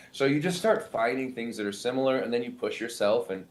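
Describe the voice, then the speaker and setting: A male comedian and impressionist explaining his craft in an animated, self-interrupting way, often restarting sentences. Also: medium pitch, fairly quick, a little hiss or hum. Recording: roomy echo.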